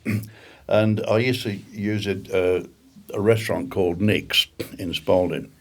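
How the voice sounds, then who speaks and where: Gravelly low-voiced older man. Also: a little slow. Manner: rambling anecdotes with frequent throat clearing and chuckles. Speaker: guest. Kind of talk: casual storytelling chat.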